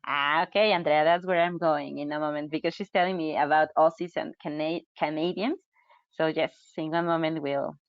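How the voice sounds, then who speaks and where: An English teacher trainer teaches an online webinar in an upbeat, chatty way, reacting to comments in the chat. Her voice is low, picked up by a computer mic on a video call, and the audio is dull and dry with no echo.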